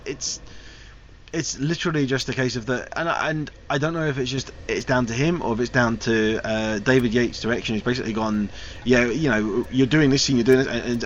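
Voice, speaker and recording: A man's voice: mid-range voice, a bit bright. A man giving a casual, frank spoken film review, his sentences loose and wandering. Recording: slightly dull recording with faint hiss.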